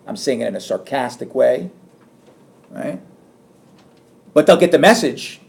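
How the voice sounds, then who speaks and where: A middle-aged man giving a classroom lecture, animated and acting out sarcastic lines as examples. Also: medium pitch, a little slow, creaky, slight background noise. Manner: animated, acts out sarcastic quotes. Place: lecture room.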